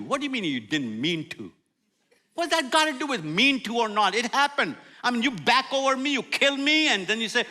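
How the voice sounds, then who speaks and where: An older man preaching a sermon as a guest speaker, humorous and animated, acting out prayers and apologies in a church. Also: extremely high pitch, a little fast. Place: church sanctuary.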